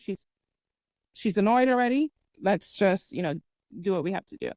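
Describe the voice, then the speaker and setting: A woman's voice: mid-range voice, a little fast, dry recording. A young woman hosting a podcast, earnestly retelling a personal story in casual talk and acting out what people said. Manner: earnest, lively retelling with acted-out quotes and sound imitations. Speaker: podcast host.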